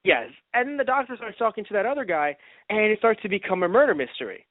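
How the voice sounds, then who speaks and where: A high, lively man chatting excitedly on a podcast, swooping up and down as he acts out his reactions. The sound is thin and phone-like, dry with no room in it. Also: quick pace, dry recording. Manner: animated, acts out reactions in quoted voices, laughs often. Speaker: podcast co-host. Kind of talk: casual fan review chat.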